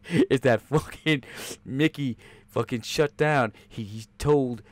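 A man hosting a podcast, riffing and swearing as he reacts to a movie trailer and acts out scenes. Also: takes it slowly. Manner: rambling, swearing, acting out characters in high voices. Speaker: podcast host. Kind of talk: profane movie reaction riff.

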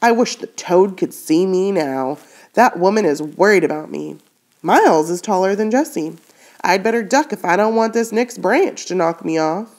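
A woman's voice: on the low side, expressive, moderate pace, darkish tone. A woman reading aloud voices the scattered, wondering inner thoughts of a young girl on a runaway ride.

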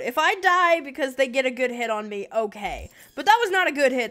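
A woman's voice: sits high, lively intonation, fairly quick, hardly any pauses, a bit bright. A woman streaming a video game live, frustrated and swearing, repeating herself as she talks to her chat.

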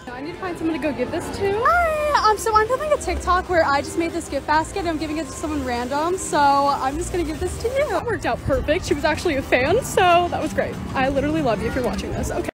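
A woman narrating her short DIY and restock videos in a bubbly, excitable, self-mocking way. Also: sits high, fast talker, hardly any pauses. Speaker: lifestyle creator.

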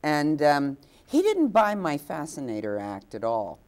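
A woman's voice: deep voice, huge pitch swings, measured pace, a little mellow. A woman guest actress telling stories in a hesitant way, full of fillers and restarts, acting out the quotes. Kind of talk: anecdotal storytelling. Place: inn overlooking the ocean.

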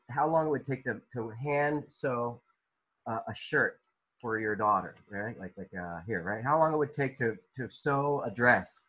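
A man's voice: medium pitch, a bit bright, slightly rough, poor audio. A male art teacher leading an online class discussion, asking students questions by name, with loose, restart-filled phrasing. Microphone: video call.

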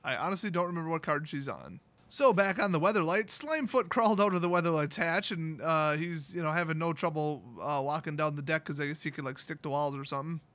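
Bright-voiced man's sarcastic story recap. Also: fairly high pitch, fast talker, no room sound. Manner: sarcastic, irreverent asides; loose, rambling delivery with many fillers. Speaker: YouTube host recapping a story. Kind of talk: casual story recap with commentary.

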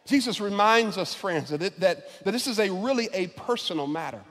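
A man preaching a sermon as pastor, often repeating words as he builds, and he rises into shouted climaxes. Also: sits high, expressive, moderate pace. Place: large church sanctuary. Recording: long church reverb.

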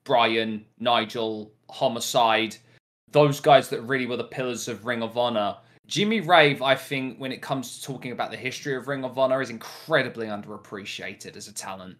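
A man's voice: medium pitch, normal speed, a bit bright. An English man with an English accent, co-hosting a casual wrestling podcast and laughing often. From England. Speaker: podcast co-host. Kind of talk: casual chat.

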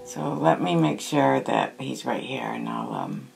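Slow, low, gravelly-voiced woman medium. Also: wildly swooping pitch, music in the background. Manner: slow, hushed, thoughtful. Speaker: spirit medium. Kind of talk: recorded meditation session.

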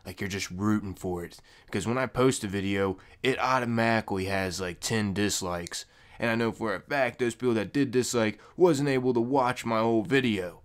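A young man making a casual gaming vlog into a microphone, loose and jokey, with loud high-pitched bursts when he mocks people. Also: normal speed. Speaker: gaming YouTuber. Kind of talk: casual talking-to-camera vlog. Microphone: desk microphone.

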